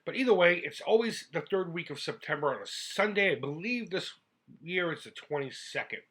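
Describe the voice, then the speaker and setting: A man's voice: a little high, animated, normal speed, a bit bright. A middle-aged man from the United States who hosts a retro gaming channel, talking in a chatty, heartfelt vlog style that rambles and restarts. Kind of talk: casual vlog talk.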